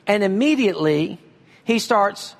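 A man preaching a sermon, reading scripture slowly and pressing his points with emphasis. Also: high voice, animated, gravelly, big-room sound. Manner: emphatic preaching, reads scripture slowly, uses a volunteer for a demonstration. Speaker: pastor.

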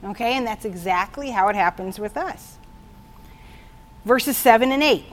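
A woman teaching from the Bible in an informal, excitable way, telling personal stories and often checking in with "okay?". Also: medium pitch, normal speed, pauses often. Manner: excitable, chatty, keeps asking "okay?"; tells personal stories to make a point.

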